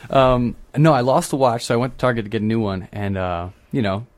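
A man's voice: mid-range voice, brisk. Give me a young man casually chatting on a podcast, laughing as he tells a story. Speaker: podcast co-host. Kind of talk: casual chat.

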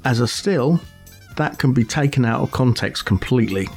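A man's voice: mid-range voice, animated, normal speed, darkish tone, soft background music. A man co-hosting a casual podcast chat, laughing often and explaining his points with examples. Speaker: podcast co-host.

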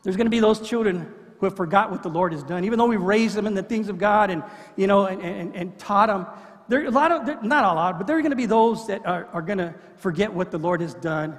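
Middle-aged guy preaching, high voice, earnest, long reverb off the church walls. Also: a little fast. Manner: earnest, repeats words when building a point. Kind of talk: sermon.

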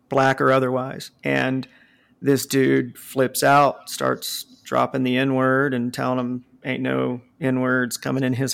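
A man with a northern US accent telling stories in a casual, animated chat, swearing and laughing as he goes. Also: medium pitch, gravelly. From northern United States.

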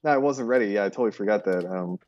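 A man's voice: lowish voice, racing, darkish tone, dry recording. A man co-hosting a casual podcast, teasing his friend in a laid-back way and chuckling often. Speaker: podcast co-host. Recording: dull dry lo-fi mic.

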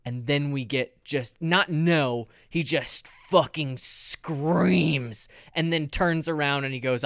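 A man's voice: on the high side, takes it slowly, creaky, few pauses, fairly bright tone, no room sound, studio quality. A man co-hosting a casual podcast, telling stories emphatically and swearing freely. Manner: profane, emphatic storytelling. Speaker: podcast co-host. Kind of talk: casual fan chat.

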